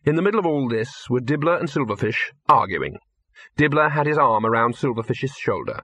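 A man reading an audiobook, telling the story in a wry, lively way. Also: medium pitch, brisk, dry recording. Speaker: audiobook narrator.

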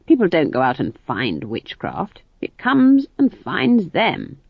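A woman's voice: lowish voice, huge pitch swings, slow pace, vocal fry, husky, no echo, voice pushed up, full character voice. A woman voicing a proud, disapproving old female witch who speaks curtly. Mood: stern. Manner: curt, disapproving. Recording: dull dry studio read.

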